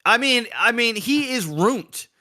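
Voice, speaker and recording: A man hosting a podcast, chatting casually and telling a story in a lively, profane way about his son. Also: very high voice, measured pace. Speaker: podcast host; father.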